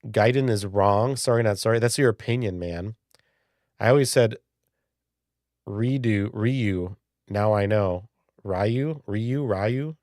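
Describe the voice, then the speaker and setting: A man's voice: medium pitch, darkish tone, dry recording, studio quality. A man in his forties hosting a live stream, playfully reacting to viewer comments in casual chat. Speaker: livestream host.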